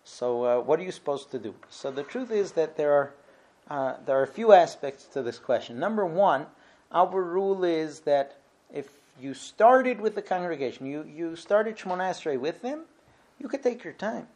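A middle-aged man teaching a relaxed lesson on Jewish prayer law, talking it through step by step with frequent restarts. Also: a little high, moderate pace. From Israel. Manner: conversational, restarts often, explains step by step. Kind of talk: informal Torah lesson.

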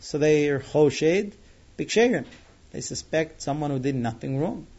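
A man teaching students, retelling a Bible story in an animated way and acting out the characters' lines. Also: a little high, measured pace, dull audio. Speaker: Torah teacher.

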